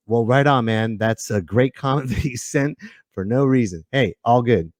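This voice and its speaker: A man's voice: mid-range voice, moderate pace, a little mellow, dry recording. A middle-aged man hosting a live podcast in casual chat, joking and laughing often. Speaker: podcast host.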